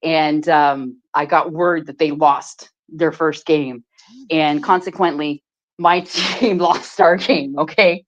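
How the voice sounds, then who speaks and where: A woman's voice: low voice, fairly even intonation, takes it slowly. A woman hosting a live stream, telling a story in casual chat with lots of laughing and swearing. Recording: dull lo-fi stream audio.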